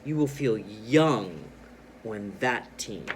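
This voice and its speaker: A man reading the lines of a cheerful older woman from a picture book, slowly, stressing key words. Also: lowish voice, very animated, a little hiss or hum.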